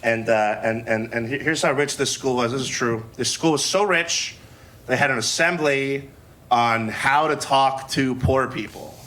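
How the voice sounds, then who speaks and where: A man's voice: medium pitch, measured pace, bright, forceful tone. A man in his twenties from Newark doing a loose, laughing stand-up set with playful swearing. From Newark, New Jersey. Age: 20s. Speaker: stand-up comedian. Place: live comedy venue.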